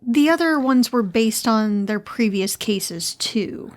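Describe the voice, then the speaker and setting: A woman's voice: a little high, lively intonation, slow pace. A woman co-hosting a casual podcast, who teases her partner and chimes in with agreement. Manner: teasing, backchannels often. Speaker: podcast co-host.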